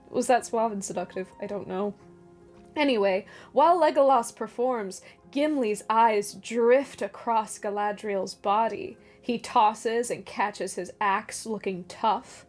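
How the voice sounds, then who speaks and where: A woman's voice: fairly high pitch, slow pace, a little mellow, soft background music. Wry, sarcastic young-sounding woman. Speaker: video essay host. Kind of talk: casual commentary.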